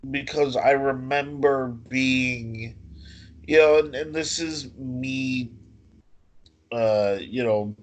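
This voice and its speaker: A man, a professional wrestler, talking slowly and telling stories with many fillers over a video call. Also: mid-range voice. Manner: slow, storytelling, with fillers. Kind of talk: casual interview.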